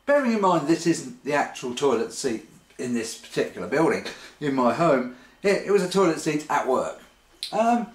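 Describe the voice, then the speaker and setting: Man, wry rambling vlog, lively up-and-down pitch, echoey kitchen. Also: moderate pace. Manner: wry, hesitant, lots of ums and restarts. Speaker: vlogger. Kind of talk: casual rambling monologue. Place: home kitchen. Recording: roomy kitchen echo.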